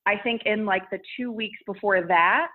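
A woman's voice: mid-range voice, moderate pace. Chatty giggly woman creator rambling about her channel, thin phone-line sound. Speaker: social media creator. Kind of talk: casual interview answers.

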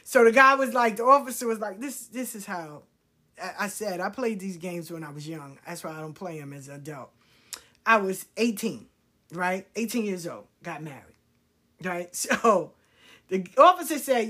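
A woman telling candid personal stories in a frank, profane, animated way, moving between hushed asides and loud outbursts. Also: a little high, normal speed, husky. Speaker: storyteller.

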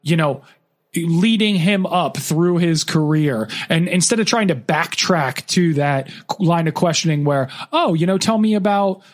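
A blunt, laid-back man in casual podcast talk, swearing as he makes his point. His voice sits a little high. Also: unhurried. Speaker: podcast co-host. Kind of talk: casual banter.

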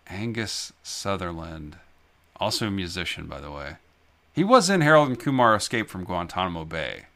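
A man's voice: low voice, big pitch swings, normal speed, fairly bright tone. A man co-hosting a movie podcast, chatting casually in a rambling, jokey way and laughing often. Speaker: podcast co-host.

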